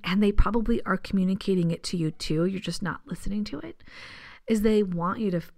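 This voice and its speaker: A woman hosting her own podcast as a medium, talking casually and chattily, laughing often and dropping into soft asides. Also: mid-range voice. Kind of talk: casual solo podcast talk.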